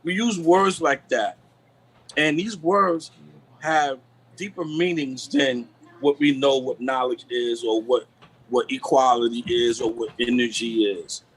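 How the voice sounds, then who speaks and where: A man on a live video call, explaining the deeper meanings of words in a preachy, repetitive way. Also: steady tone, unhurried, slightly rough, low-quality recording. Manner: preachy, repeats "you know what I'm saying". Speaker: guest. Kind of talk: live stream talk on word meanings.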